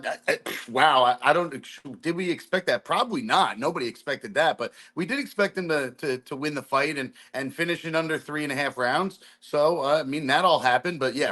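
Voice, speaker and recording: A man co-hosting a podcast in casual chat, halting, with many fillers and restarts. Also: a little high, bright, forceful tone. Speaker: podcast co-host.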